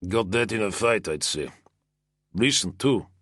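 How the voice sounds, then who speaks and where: A man's voice: on the low side, expressive, measured pace, fairly bright tone, breathy edge, no room sound, clean studio sound, heavily acted. A man voicing a calculating Roman praetorian soldier who asks probing questions.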